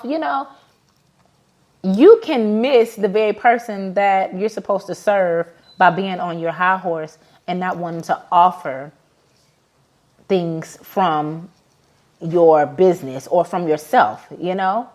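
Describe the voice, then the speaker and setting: A woman's voice: mid-range voice, a little slow, highs cut off. A woman in her thirties, a business owner hosting a casual motivational talk, telling personal stories in a heartfelt way with many fillers. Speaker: business owner and podcast host.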